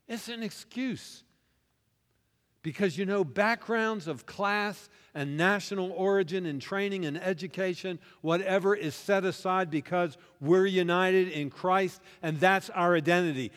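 A man preaching a sermon as pastor, moving between quiet confiding asides and loud rousing call-and-response with the congregation. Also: a little high, unhurried, pauses often. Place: church hall. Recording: long reverb of a large hall.

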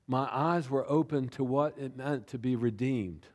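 A pastor telling a personal story in a sermon, chatty and self-deprecating, often tossing in "right?" and "you know.". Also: male voice, mid-range voice, measured pace, a little mellow. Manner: conversational, with frequent "right?" and "you know" asides.

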